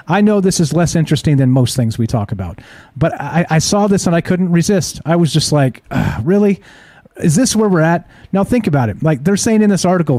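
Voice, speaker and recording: Male streaming host, mellow slightly high voice, skeptical rhetorical delivery, dry close recording. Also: dry recording. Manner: skeptical, rhetorical, keeps asking the audience "right?". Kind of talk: live-streamed talk show monologue.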